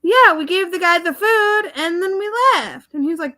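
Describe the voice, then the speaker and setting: A woman chatting casually on a livestream and telling a story in an animated, exasperated way. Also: very high voice, normal speed. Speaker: live streamer.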